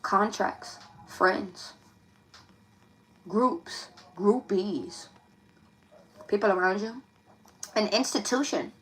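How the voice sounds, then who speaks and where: A woman's voice: medium pitch, extremely slow, pauses often, poor audio. A young woman, reading tarot casually to camera in a confiding, emphatic way that repeats itself. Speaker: tarot reader.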